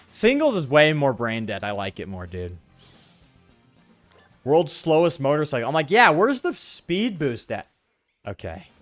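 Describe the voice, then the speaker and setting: A young man streaming a game, joking loudly with chat and reading in-game text aloud. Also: medium pitch, no room sound. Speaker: gaming streamer. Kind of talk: casual let's-play commentary.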